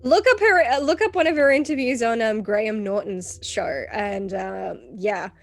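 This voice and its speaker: A woman's voice: a little high, normal speed, creaky, no room sound. A woman hosting a casual chat, talking expressively and acting out her own reactions. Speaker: host.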